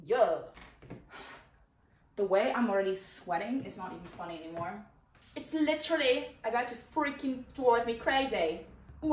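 A woman's voice: a little high, a little hiss or hum. Young female booktuber, upbeat and chatty, recorded far off in a bedroom. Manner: chatty, swears casually. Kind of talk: casual vlog chat while tidying. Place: her bedroom. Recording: echoey room, mic far off.

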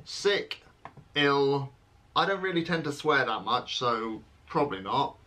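A man's voice: medium pitch, expressive, sharp tone. A young British man in his twenties, talking through an online quiz in a playful, self-mocking vlog. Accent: British English. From England. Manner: playful and self-mocking, with jokey dramatic pauses. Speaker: vlogger. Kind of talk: casual vlog, reading quiz questions aloud.

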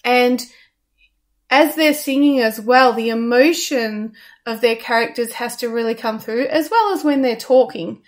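A woman's voice: fairly high pitch, measured pace. Chatty woman reviewing a show. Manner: hesitant, many ums and restarts. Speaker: radio co-host reviewing a musical. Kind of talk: casual review chat.

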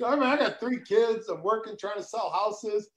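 A man's voice: high-pitched, moderate pace, a little hiss or hum, poor audio. A middle-aged man, a guest on a casual video-call chat, talking in a laid-back, hesitant way with many fillers. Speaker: guest, former player.

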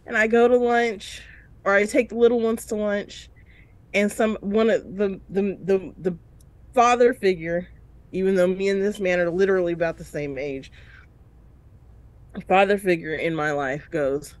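A woman's voice: mid-range voice, moderate pace, no echo. Woman telling a heavy story with laughter. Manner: emotional storytelling with big voiced reenactments, laughing through tears. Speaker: co-host of a reality show review podcast. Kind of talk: casual chat.

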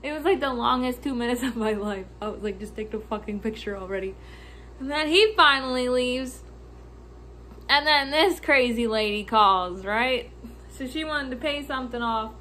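A woman vlogger tells a casual storytime about her workday. Her voice sits high with a bright edge. She sounds exasperated, swears freely, laughs often, and slips into quick snippets of other people's lines. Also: slight background noise. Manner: acts out customers' lines in quick quoted snippets.

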